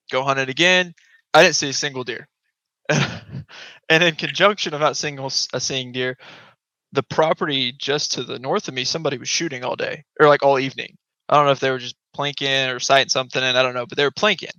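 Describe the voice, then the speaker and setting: A man's voice: mid-range voice, fast talker, no echo. A man, a guest on a podcast, telling a hunting story casually and acting out voices and sounds. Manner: animated, acts out voices and sounds. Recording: dull lo-fi podcast audio.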